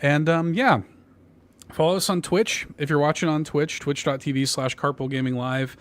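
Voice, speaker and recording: A man hosting a casual gaming podcast, chatty and quick to laugh. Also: on the high side, steady tone. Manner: laughs often, loose and chatty. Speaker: podcast host. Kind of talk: casual chat.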